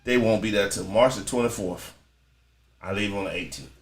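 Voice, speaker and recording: A man co-hosting a casual talk show, telling animated stories and doing the voices of the people in them. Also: fairly low pitch, brisk, echoey room. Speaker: co-host. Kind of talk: casual chat.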